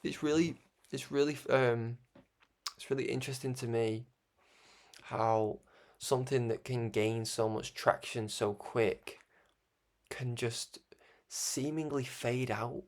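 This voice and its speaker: A man with a Scouse accent speaks in a gravelly voice at a middling pitch. He rambles through a reflective monologue, doubling back on his words and chuckling softly between thoughts. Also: steady tone, takes it slowly, long pauses. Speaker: broadcast host.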